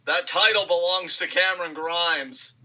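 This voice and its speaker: A man's voice: high voice, a little slow, sharp tone, low-quality recording. A man co-hosting a live wrestling reaction stream, adding dry, wisecracking asides. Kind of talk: casual banter and commentary.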